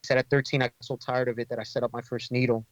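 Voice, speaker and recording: A man's voice: medium pitch, little pitch movement, very fast, dry recording, poor audio. Earnest man telling a ministry story. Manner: earnest, conversational, many fillers and restarts. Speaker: inner-city ministry leader, podcast guest. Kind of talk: storytelling in a casual interview.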